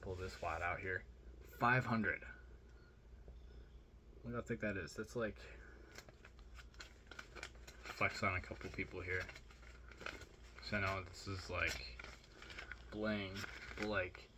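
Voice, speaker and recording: A young man telling a rambling, excited story in a casual vlog, with lots of fillers. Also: sits low, takes it slowly, long pauses, background noise. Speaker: vlogger.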